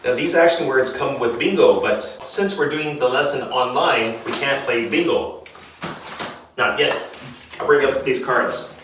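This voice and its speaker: A man teaching English vocabulary to children, demonstrating a lesson and drilling words slowly and clearly. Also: mid-range voice, fairly bright tone, distant mic, a little hiss or hum. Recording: very echoey room, off-mic.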